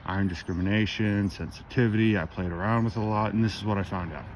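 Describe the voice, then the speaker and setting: A man's voice: fairly low pitch, fairly even intonation, poor audio. A young man from Maine talking casually to camera while metal detecting outdoors, rambling and restarting his sentences. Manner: rambling, chatty, halting restarts. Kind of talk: casual outdoor vlog narration. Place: outdoors in a cold field. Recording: outdoor wind and ambient noise.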